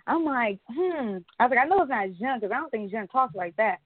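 A woman co-hosting a podcast, telling stories in casual chat, animated and laughing often. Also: on the high side, brisk, no echo. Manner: chatty storyteller, animated retellings, frequent laughs. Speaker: podcast co-host. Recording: tinny phone-line sound.

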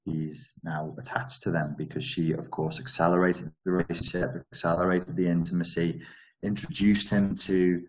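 A man with a deep, low-pitched voice talks off the cuff on a live stream, working through viewer comments. He rambles, breaks off his own sentences and drops in wry asides as he goes. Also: little pitch movement, normal speed, poor audio.

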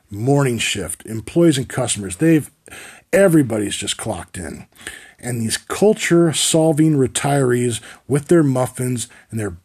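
A man's voice: mid-range voice, gravelly, darkish tone, husky. A man in his forties hosting a podcast, telling a story in a wry, profane, rambling comic monologue. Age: 40s. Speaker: podcast host.

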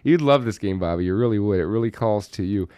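A man co-hosting a podcast in casual chat, excitable and profane. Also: on the low side, fast talker, clear, resonant tone, no echo. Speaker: podcast co-host.

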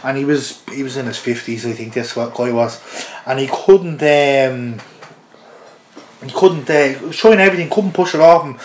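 A man's voice: medium pitch, normal speed, a little hiss or hum. An Irish man, a podcast guest, telling an anecdote casually and chuckling through it. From Ireland. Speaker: interview guest. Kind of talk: casual storytelling. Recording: roomy echoey podcast audio.

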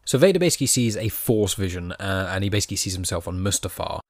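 A man's voice: low-pitched, lively intonation, quick pace, no room sound, clean studio sound. A man hosting a podcast, casually retelling a comic's plot and reading its dialogue without doing voices. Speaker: podcast host.

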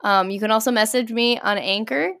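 High-voiced young woman ranting exasperatedly. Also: brisk, gravelly. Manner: exasperated, animated ranting with many likes and ums. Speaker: podcast host. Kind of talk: solo podcast rant.

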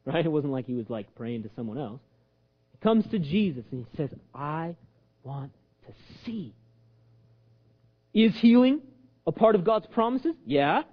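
A man's voice: a little high, fairly quick, lo-fi sound. A man preaching a sermon as pastor, acting out the voices he quotes and joking along the way. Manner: animated, acts out quoted voices, jokes with audience.

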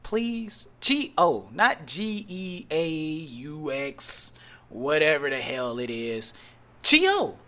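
Animated bright-voiced male podcast host. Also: a little high, takes it slowly. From Cleveland, Ohio. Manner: animated, mocking rants with loud outbursts. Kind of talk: casual solo podcast talk.

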